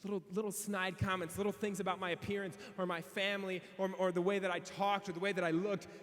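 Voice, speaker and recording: A man's voice: sits high, quick pace. A man in his thirties giving a motivational speech, telling funny stories and acting out the voices of the people in them. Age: 30s. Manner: animated storytelling, acting out quoted voices. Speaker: keynote speaker. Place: large convention hall. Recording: echoey hall with long reverb.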